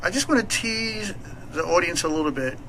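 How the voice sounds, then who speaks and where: A man hosting a talk radio show, full of playful teasing and chatty fillers. His voice is high and bright, with a faint hiss of noise under it. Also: expressive, brisk, rough recording.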